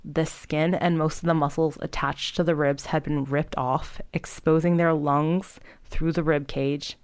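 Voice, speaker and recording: A woman's voice: low voice, steady tone, measured pace, a little mellow, clear, resonant tone, no room sound. A young woman casually retelling a horror story in a chatty way, full of filler words and disgusted reactions.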